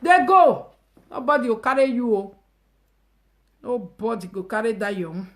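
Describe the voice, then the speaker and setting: A woman with a Nigerian Pidgin English accent hosts a casual live stream with a high, bright voice. She rants emphatically and mockingly. She jumps from loud shouted outbursts down to low muttered asides. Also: normal speed. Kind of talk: animated casual rant.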